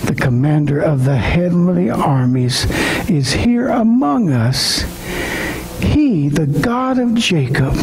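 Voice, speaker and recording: A man preaching a sermon as pastor, swinging from emotional shouting to quiet talk. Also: fairly high pitch, sing-song, slow, noisy background.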